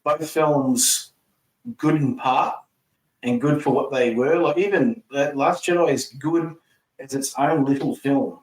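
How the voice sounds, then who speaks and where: A man's voice: fairly high pitch, unhurried, far from the mic. An Australian man hosting a podcast, chatting casually and easily, often calling people mate. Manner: easygoing, matey, says mate a lot. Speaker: podcast host. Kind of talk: casual chat. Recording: roomy echo.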